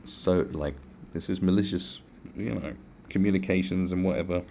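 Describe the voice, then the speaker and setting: A man's voice: low-pitched, moderate pace, creaky, mellow, slight background noise. A man with a British accent hosting a podcast, ranting in a casual, profane, sarcastic way. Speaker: podcast host.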